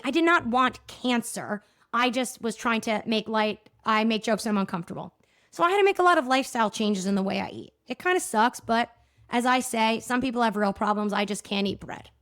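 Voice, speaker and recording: A woman in her thirties hosts a solo podcast, chatty and self-deprecating, often checking in with "okay?" Her voice is a little high and fairly bright.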